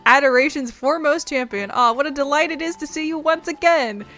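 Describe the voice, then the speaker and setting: A woman's voice: high-pitched, brisk, fairly bright tone, soft background music, pitched above the performer's own voice. A woman voicing a grand courtly noblewoman who speaks in flowery, theatrical, old-fashioned lines.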